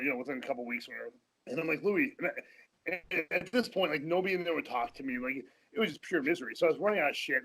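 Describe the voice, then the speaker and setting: Captured on a low-quality recording, a man with a slightly high, somewhat bright voice appears as a guest on a casual podcast interview. He rambles through profane stories and frequently laughs partway through his sentences.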